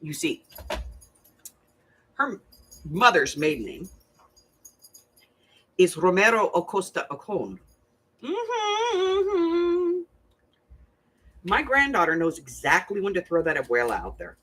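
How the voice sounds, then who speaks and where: An older woman, a grandmother, telling a family story in a chatty, animated way and swearing freely. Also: deep voice, a little slow, pauses often, husky. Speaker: crafting channel host. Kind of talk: casual storytelling chat.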